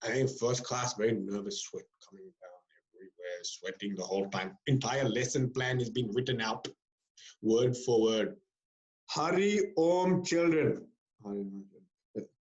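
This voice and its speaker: A man speaking as a swami, giving a spiritual discourse and telling stories with lively acted-out voices. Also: lowish voice, normal speed. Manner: lively storyteller who acts out people's voices. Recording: roomy, dull lecture recording.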